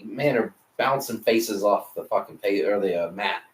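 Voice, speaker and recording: A fairly low-voiced young man co-hosting a casual podcast, relaxed and profane, often stumbling over repeated words. He sits back from the mic, and the room gives his voice a noticeable echo. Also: normal speed. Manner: laid-back, profane, stammering restarts. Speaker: podcast co-host. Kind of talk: casual chat. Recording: echoey room, mic at a distance.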